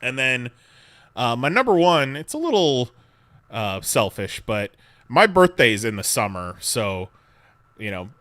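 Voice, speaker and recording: Podcast co-host, male, bright animated voice, laid-back and profane, dry close mic. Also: medium pitch, measured pace, no room sound. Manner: laid-back, swears casually, laughs often. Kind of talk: casual chat.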